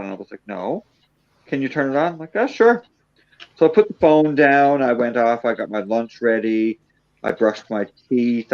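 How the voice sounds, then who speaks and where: A man telling a prank-call story in casual chat, acting out both sides in a deadpan way. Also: mid-range voice, muffled recording.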